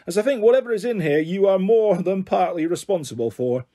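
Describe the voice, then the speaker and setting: A man's voice: high voice, animated, brisk, mellow. A man voicing a kindly, earnest male head teacher who lectures fondly, in a storybook reading.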